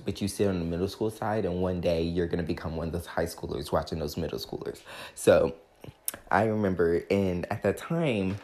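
A man's voice: sits low, a little mellow. A young man vlogging, telling a personal story in a chatty, dramatic way, full of filler words. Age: young adult. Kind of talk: casual storytelling to camera.

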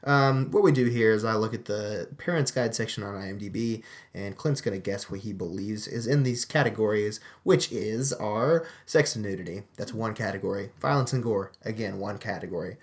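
A podcast co-host in casual movie-review chat, animated and quick to laugh, with dry asides. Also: mid-range voice.

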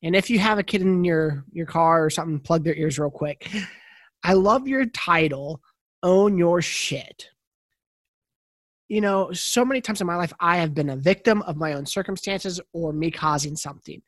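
A man's voice: fairly high pitch, moderate pace, no echo, clean studio sound. A man hosting a podcast interview, encouraging and conversational as he asks his guest questions. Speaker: podcast host.

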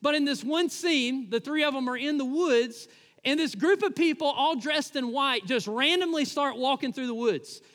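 A pastor preaching a sermon in a church, talking conversationally with frequent "uh" fillers. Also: male voice, extremely high pitch, moderate pace, fairly bright tone, in a large hall. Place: church sanctuary.

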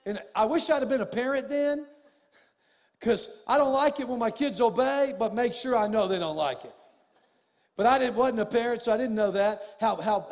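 Male pastor preaching, high voice, big echoey church hall, gets loud and emphatic. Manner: storytelling preacher, rising to emphatic shouts. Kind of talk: sermon. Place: church sanctuary. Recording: long reverb of a church hall.

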